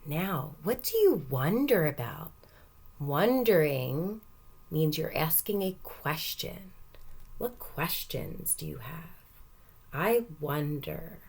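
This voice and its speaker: A woman teacher reading a picture book aloud to young children, gentle and encouraging, stopping to ask questions. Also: deep voice, lively intonation, slow, slightly rough.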